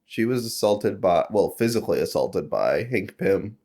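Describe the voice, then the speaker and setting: A man's voice: on the low side, very animated, warm tone. A man co-hosting a podcast, chiming in bluntly and agreeably during a casual book discussion. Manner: agreeable, quick to chime in, blunt. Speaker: podcast co-host.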